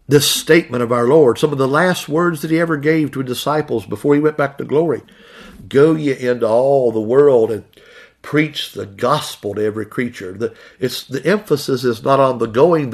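A man preaching a sermon in earnest, reading scripture slowly and asking his listeners again and again whether they see it. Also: mid-range voice, husky.

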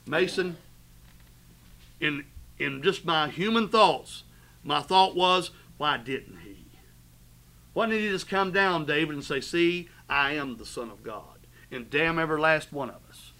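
A preacher delivers a fervent sermon, his bright, forceful voice sitting a touch high for a man. He swells loud on key phrases and falls hushed on others, addressing the congregation directly. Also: lively intonation, a little slow, poor audio. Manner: fervent preaching with sudden swells and drops in volume. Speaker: pastor.

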